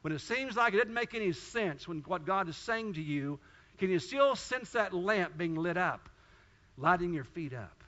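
Preacher guy, high bright voice, storytelling then fervent praying, kinda dull lo-fi recording. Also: animated, normal speed. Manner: storytelling preacher, builds to fervent pleading prayer. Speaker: pastor. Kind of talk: sermon with closing prayer.

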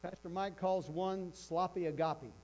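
A man's voice: high voice, steady tone, measured pace, darkish tone. A man preaching a sermon with emphasis, repeating his key phrases. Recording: dull lo-fi with faint electrical hum.

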